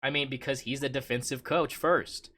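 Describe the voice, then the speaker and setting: A man's voice: mid-range voice, steady tone, moderate pace, fairly bright tone, slight background noise. A man hosting a casual sports podcast, talking in a rambling way with lots of "I mean" and restarts. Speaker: podcast host.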